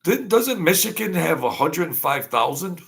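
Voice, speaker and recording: A man's voice: fairly high pitch, very animated, moderate pace, creaky, fairly bright tone. A man hosting a casual livestream, rambling as he greets viewers by name and answers their comments. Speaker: livestream host.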